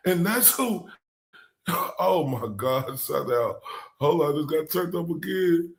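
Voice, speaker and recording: Man, gravelly voice, slightly high, profane mocking reaction commentary. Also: animated, takes it slowly, long pauses. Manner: blunt, profane, mocking, talks to his chat. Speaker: reaction streamer.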